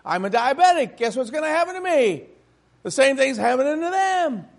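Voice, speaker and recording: A man's voice: extremely high pitch, sing-song, moderate pace. A man preaching a sermon to a congregation in church, emphatic and full of rhetorical questions.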